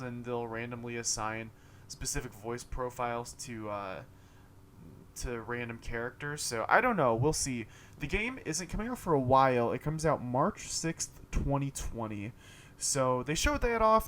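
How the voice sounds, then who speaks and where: A man's voice: medium pitch, fairly bright tone. Young guy rambling through a game show recap, lots of ums, faint hiss behind. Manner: rambling, loose, lots of fillers and self-corrections. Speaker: video host recapping a game showcase. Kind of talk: casual commentary monologue.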